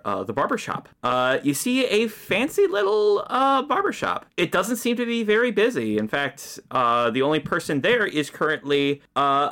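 Man narrating as game master. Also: medium pitch. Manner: relaxed, describes scenes with many fillers.

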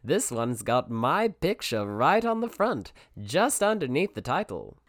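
A preening, pompous celebrity wizard, played by a woman with a low, swooping voice that rises and falls with self-regard. He talks slowly and smugly in a dry, close recording. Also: sing-song, dry recording, full character voice. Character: vain preening male celebrity wizard author. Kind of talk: comedic parody ad in a game.

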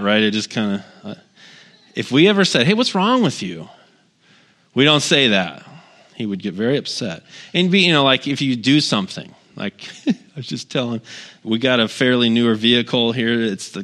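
A man's voice: lowish voice, fairly bright tone. A man in his thirties, a guest pastor giving a conversational sermon in a church, earnest and repeating key phrases for emphasis while talking straight to the congregation. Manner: talks directly to the congregation with asides.

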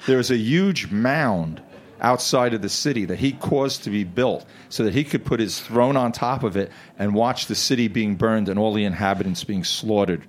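A man's voice: lowish voice, moderate pace. A man co-hosting a radio show, chatting playfully about food and history. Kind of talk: casual radio chat. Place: radio studio.

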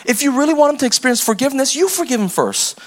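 A man's voice: extremely high pitch, animated, quick pace. A man preaching a sermon as pastor, talking casually and pressing the congregation with repeated questions. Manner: conversational, acts out little scenes with quoted voices.

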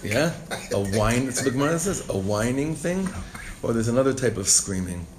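Against a loud crowd, a man teaches a Torah class at normal speed, reading Hebrew lines before translating and explaining them with strong feeling. When stirred, his voice climbs in pitch and volume.

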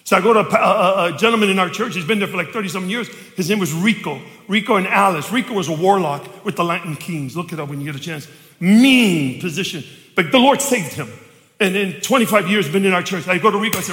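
A middle-aged man pastor telling stories in a sermon, acting out dialogue and shouting for emphasis, recorded in a church sanctuary. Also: high-pitched, expressive, quick pace. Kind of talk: storytelling sermon. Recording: echoey church hall.

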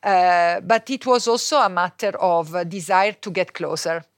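A woman with an Italian accent, a non-native English speaker, answering podcast interview questions hesitantly, with many pauses and filler sounds. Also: fairly low pitch, dry recording, studio quality. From Italy. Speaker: guest, fabric company co-owner.

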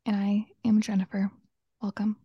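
A chatty woman from Georgia co-hosting a casual podcast, laughing often as she tells stories. Her voice has a gravelly edge, and the recording is dry and close with no room sound. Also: mid-range voice, steady tone, moderate pace, no room sound, dull audio. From Georgia, USA. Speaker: podcast co-host. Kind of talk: casual chat.

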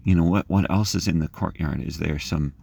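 A man leading a guided scripture meditation, gently inviting listeners to imagine the scene and rising in pitch as he reads the verses. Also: brisk, gravelly, breathy edge, no echo. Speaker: prayer leader.

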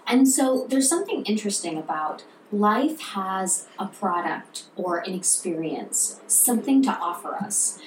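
A woman co-hosting a casual chat, telling stories in a lively way and acting out what people said. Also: medium pitch, unhurried, few pauses. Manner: animated storyteller, acts out quotes. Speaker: podcast co-host. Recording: roomy, from a distance, faint noise.

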